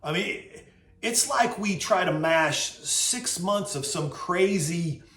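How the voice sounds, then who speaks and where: Lively storytelling man in an echoey room. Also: sits high, slow. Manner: lively storyteller, acts out voices. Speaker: host. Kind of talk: casual storytelling vlog. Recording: roomy echo.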